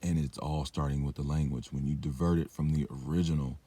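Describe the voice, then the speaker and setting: A man's voice: rumbling low, fairly even intonation, a little fast, mellow, husky. A young man in a rambling, profane vlog monologue, drinking and smoking as he talks, full of fillers and detours. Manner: meandering, profane, filler-heavy. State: drinking and smoking while talking. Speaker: vlogger.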